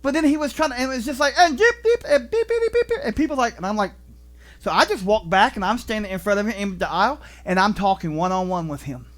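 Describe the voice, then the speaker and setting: A man preaching a sermon as pastor in a church, telling stories with animated delivery and acting out voices. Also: sits high, fast. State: vertigo, deaf in left ear.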